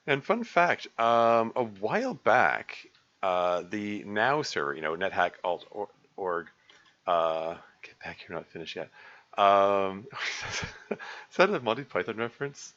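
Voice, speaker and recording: A man's voice: lowish voice, sharp tone, highs cut off. A man casually commenting on his own game stream, rambling with many fillers, restarts and small chuckles. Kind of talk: casual let's-play commentary.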